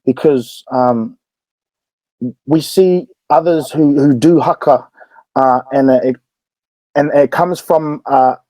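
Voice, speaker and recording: A young man with a New Zealand accent, a podcast guest telling stories in an animated, fast-talking way. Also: a little high, no room sound, low-quality recording. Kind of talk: casual storytelling.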